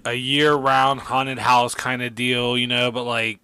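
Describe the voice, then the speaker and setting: A man's voice: mid-range voice, a little slow, smooth, no room sound. A middle-aged man co-hosting a podcast, joking sarcastically and swearing freely. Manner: sarcastic, deadpan jokes, swears. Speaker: podcast co-host, comedian. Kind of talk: casual chat.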